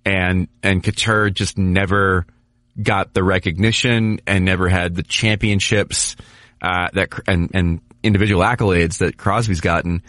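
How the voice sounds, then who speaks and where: A man co-hosting a sports podcast, talking casually and at length with lots of restarts and animated asides. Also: deep voice, moderate pace, no room sound. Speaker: podcast co-host, hockey writer.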